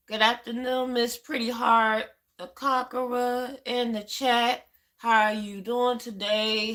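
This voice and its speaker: A woman's voice: fairly high pitch, sharp tone. A middle-aged woman hosting a casual livestream, chatty, greeting viewers by name and repeating herself. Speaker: livestream host.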